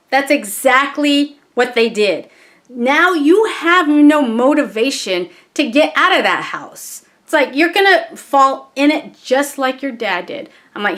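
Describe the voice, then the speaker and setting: Slow-talking woman sharing a heartfelt story. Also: fairly high pitch, expressive, fairly bright tone. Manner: chatty, heartfelt, candid. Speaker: vlogger. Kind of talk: casual personal storytelling.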